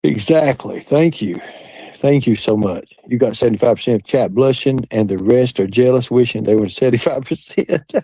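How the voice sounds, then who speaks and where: Crude, boastful man with a mellow voice. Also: mid-range voice, moderate pace, breathy edge, no room sound, poor audio. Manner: crude, boastful and rambling, with frequent laughs. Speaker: livestream host. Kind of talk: casual chat with a live audience.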